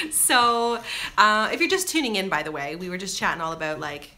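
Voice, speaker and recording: A woman's voice: mid-range voice, very animated, normal speed, sharp tone. A Canadian woman in her thirties talking to camera in a casual, scattered vlog chat, laughing easily as she goes. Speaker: vlogger.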